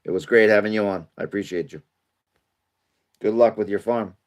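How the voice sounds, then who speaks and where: A man with a fairly low voice hosts an evening live stream from home. He chats casually, greets viewers by name and drifts between topics. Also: normal speed. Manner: chatty, greets viewers by name, rambling asides.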